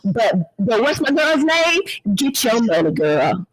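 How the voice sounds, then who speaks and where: Middle-aged woman co-host, a touch higher pitched, acts out quotes with lively energy. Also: takes it slowly, low-quality recording. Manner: animated, acts out quotes with big pitch jumps. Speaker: podcast co-host. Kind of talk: casual chat.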